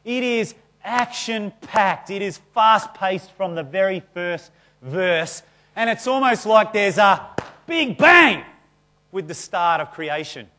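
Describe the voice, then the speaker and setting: A man's voice: high-pitched, measured pace, a bit bright. A male pastor giving a conversational, self-deprecating sermon in a church.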